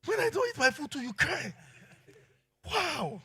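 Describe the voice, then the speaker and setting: A middle-aged man with a Nigerian accent preaching a sermon, shifting between quiet asides and loud exclamations. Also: very high voice, big pitch swings, unhurried. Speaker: pastor.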